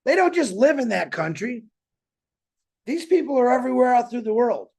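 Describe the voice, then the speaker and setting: High-voiced earnest man rambling. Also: expressive, moderate pace, vocal fry, a little mellow, husky. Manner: earnest, rambling, repeats himself. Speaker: show host. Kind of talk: casual motivational talk to a community.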